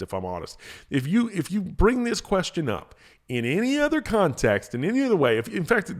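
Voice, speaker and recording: A man hosting a motivational podcast, talking casually with energy, often repeating himself and restarting phrases. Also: fairly high pitch. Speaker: podcast host, motivational speaker.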